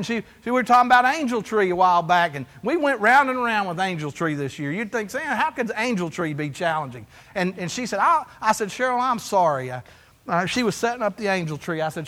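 A man preaching from the pulpit, his voice pitched very high and ringing bright. He tells stories in animated bursts and acts out each conversation. A long reverb from the church hall trails every phrase. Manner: storytelling, animated, acts out dialogue. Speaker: pastor. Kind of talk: sermon. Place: church sanctuary.

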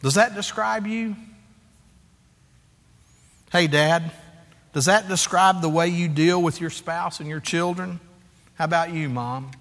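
A man in his forties preaches with a bright, forceful, fairly high voice. He is animated and self-deprecating, acts out little scenes and calls for amens. The sound carries a long, echoey hall reverb. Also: unhurried, long pauses. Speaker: pastor. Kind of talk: sermon.

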